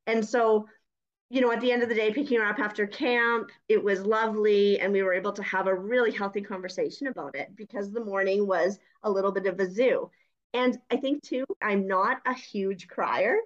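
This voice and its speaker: A woman's voice: medium pitch, fairly even intonation, normal speed. A woman co-hosting a parenting podcast, talking in an earnest, reflective way in casual chat. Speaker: podcast co-host. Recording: dull, lo-fi sound.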